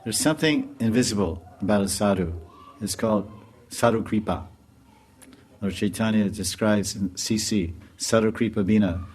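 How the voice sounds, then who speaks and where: A man giving a storytelling sermon as a spiritual teacher, animated and laughing as he tells it. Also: fairly low pitch, moderate pace, breathy edge. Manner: animated, laughs while telling.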